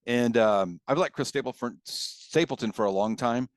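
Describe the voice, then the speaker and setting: A man's voice: medium pitch, moderate pace, dry recording. A man co-hosting a podcast, rambling through casual stories and laughing as he tells them, on a video call. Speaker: podcast co-host. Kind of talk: casual chat.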